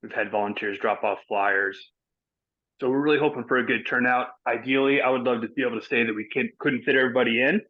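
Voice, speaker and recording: A man's voice: medium pitch, steady tone, quick pace. Breathless man on a muffled video call. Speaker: event organizer. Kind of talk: casual meeting update. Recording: dull lo-fi call audio.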